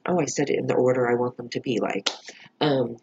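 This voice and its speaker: A man talks through a TV episode in a loose reaction vlog, filling every pause with "like" and dropping frequent curses. His voice is husky and middle-pitched. The recording sounds dull and lo-fi. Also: a little mellow. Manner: rambling, heavy filler "like", frequent swearing. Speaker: TV episode reviewer.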